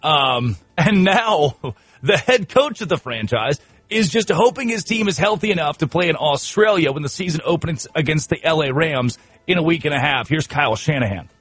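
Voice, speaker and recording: A man's voice: a little high, animated, normal speed, fairly bright tone, husky, no room sound, soft background music. A man hosting a sports radio show, riffing in comic talk with laughter and mock outrage.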